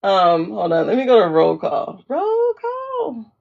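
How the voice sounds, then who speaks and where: A woman's voice: on the low side, normal speed, vocal fry. A woman hosting a casual livestream, chatting with viewers and greeting them by name. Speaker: livestream host. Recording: lo-fi downloaded livestream audio.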